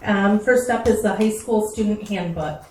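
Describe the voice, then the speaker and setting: A woman's voice: medium pitch, normal speed, darkish tone, far from the mic, slight background noise. Woman chairing a meeting in an echoey room. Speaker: board president chairing the meeting. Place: school board meeting room.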